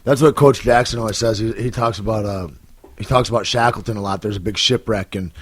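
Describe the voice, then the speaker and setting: A man hosting a podcast, telling stories in an earnest, animated way with frequent restarts. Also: fairly low pitch, fast talker, slightly rough. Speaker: podcast host. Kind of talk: casual podcast chat. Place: comedy club.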